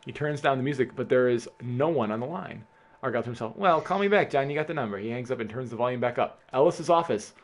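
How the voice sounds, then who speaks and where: A man casually reading a film script aloud with friends, playful and often laughing. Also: fast. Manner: playful, laughing, animated with big pitch swings. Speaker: script reader.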